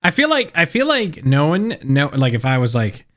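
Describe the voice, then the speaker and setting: A man's voice: fairly high pitch, huge pitch swings, normal speed, a bit bright. A man in his thirties hosting a podcast, rambling in casual chat with lots of fillers. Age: 30s. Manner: rambling, many fillers like "like" and "you know". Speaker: podcast host.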